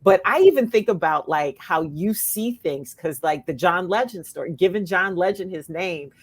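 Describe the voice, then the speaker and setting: A woman's voice: on the low side, expressive, normal speed, slightly rough. A woman hosting a casual interview, asking conversational questions and affirming her guest. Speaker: host.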